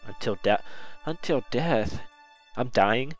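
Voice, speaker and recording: Slow, low-voiced male gamer muttering through his play, game music up loud behind him. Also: animated, poor audio. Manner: muttering to himself, reacting to the game. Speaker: gameplay commentator. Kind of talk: casual let's play commentary.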